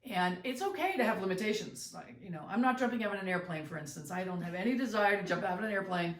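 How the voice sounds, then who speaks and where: A woman's voice: mid-range voice, animated, crowd noise. Reflective middle-aged woman, roomy distant sound. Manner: reflective, halting with fillers and restarts. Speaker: podcast co-host, mother. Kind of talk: casual chat.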